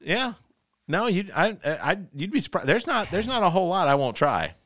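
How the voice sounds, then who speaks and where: A man with a mid-pitched voice and a lively, swinging delivery, chatting with friends. He restarts his sentences often, and the dry sound puts him right up close. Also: a little fast, no echo. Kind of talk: casual chat.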